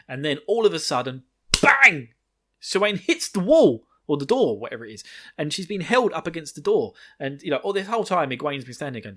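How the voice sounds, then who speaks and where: Recapping a book chapter in a loose, chatty way, a male podcast host rambles and laughs, lets the occasional swear slip, and acts out brief quotes. He has a mid-range, sing-song voice that sounds pushed and bright.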